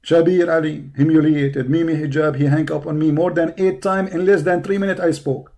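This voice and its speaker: Male host, strained hoarse voice, somewhat high and mellow, confrontational taunting delivery on a live stream. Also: fairly even intonation, a little fast. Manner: taunting, confrontational, repetitive insults. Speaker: online debate show host. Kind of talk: heated polemical monologue. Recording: live stream over a poor connection.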